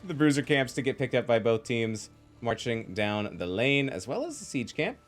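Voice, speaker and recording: A man casting a live esports match, excitable and jokey, quick to laugh and riff on the action. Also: mid-range voice, faint music behind. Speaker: esports play-by-play caster. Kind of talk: lively live game commentary.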